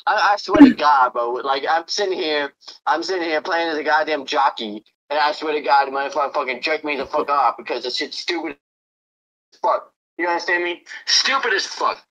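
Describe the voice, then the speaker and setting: A man's voice: a little high, normal speed, fairly bright tone, highs cut off. A man ranting angrily at friends in a gaming voice chat, swearing and repeating "bro". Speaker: gamer friend. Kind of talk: angry rant in voice chat.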